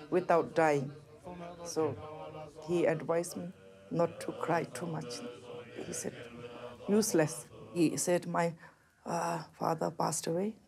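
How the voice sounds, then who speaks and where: A woman speaking slowly and gently in a documentary interview, with halting pauses. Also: fairly low pitch.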